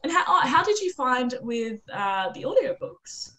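A woman's voice: high voice, big pitch swings, moderate pace, pushed and bright, rough recording. A woman hosting a casual interview, earnest and encouraging as she asks questions. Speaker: interview host.

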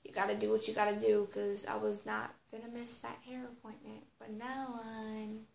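A woman's voice: mid-range voice, flat delivery, brisk, creaky, darkish tone, a little hiss or hum. A teenage girl telling a casual storytime, rambling with lots of fillers, slang and swearing. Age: teens. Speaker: vlogger. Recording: roomy echo.

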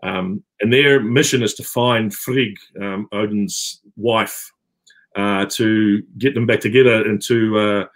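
A man's voice: fairly low pitch, fairly even intonation, slow. A middle-aged man with a New Zealand accent, talking casually on a video call with many fillers and restarts. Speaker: actor guest. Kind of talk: casual interview chat.

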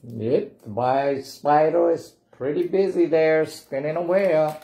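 Slow and warm, this man's slightly high voice carries a picture book reading at library storytime. He playfully nudges the kids to chime in on the refrain.

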